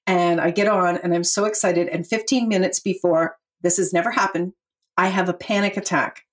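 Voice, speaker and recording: A middle-aged woman telling her life story as a podcast guest, animated and laughing often as she acts out what she and others said. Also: fairly low pitch, normal speed. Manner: animated, laughs often, quotes herself in voices.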